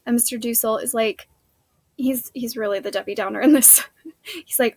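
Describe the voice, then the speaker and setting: A woman's voice: fairly high pitch, steady tone, moderate pace, darkish tone, breathy edge, dry recording. A woman teacher, recapping a play scene for her students in a casual, chatty way with many fillers.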